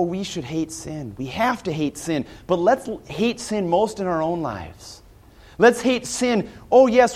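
A man preaching a sermon, earnest and emphatic, asking rhetorical questions and quoting scripture. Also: high voice.

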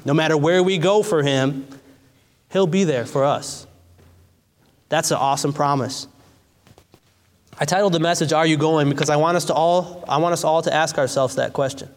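A man's voice: on the high side, fairly even intonation, normal speed, pauses often. A man preaching a sermon with fervent, repetitive phrasing and casual asides, recorded in a church. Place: church in a large hall. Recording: long church hall reverb.

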